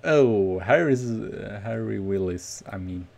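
A man streaming a football management game, commenting casually on each play with nervous excitement and sudden shouts. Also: fairly low pitch, takes it slowly, vocal fry. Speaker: gaming streamer.

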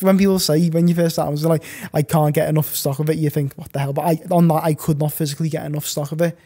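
His voice is warm and sits on the high side. The young man, an online reseller guesting on a casual podcast, spins long stories full of filler words and restarts.

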